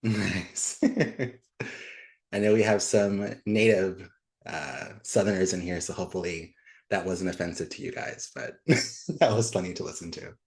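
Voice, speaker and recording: Man, book club host, slightly low pitch, relaxed, video call. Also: unhurried, creaky. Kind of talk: casual chat on a video call.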